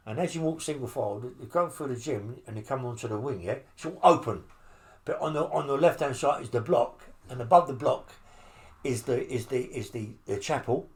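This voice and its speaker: A man's voice: medium pitch, fairly quick. An older man with a London accent telling prison stories in an interview, blunt and rambling, full of swearing and tag questions. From England. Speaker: interviewee, former criminal. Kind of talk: storytelling interview.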